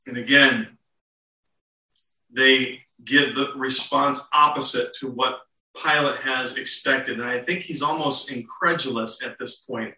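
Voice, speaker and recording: A man's voice: medium pitch, steady tone, takes it slowly, bright, forceful tone. A man preaching a sermon, teaching earnestly with rhetorical questions to the congregation. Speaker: pastor. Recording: roomy and distant.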